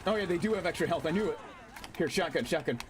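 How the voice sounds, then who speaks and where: A man casually commentating his gameplay on a stream, excitable, swearing, laughing and reading chat aloud. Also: fairly high pitch, quick pace, slight background noise.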